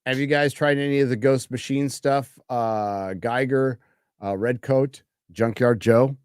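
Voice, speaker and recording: A man's voice: medium pitch, fairly even intonation, unhurried, darkish tone, smooth, no echo, studio quality. A man hosting a casual live-stream chat, reading out donations with laid-back, chuckling asides. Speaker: show host reading out donations.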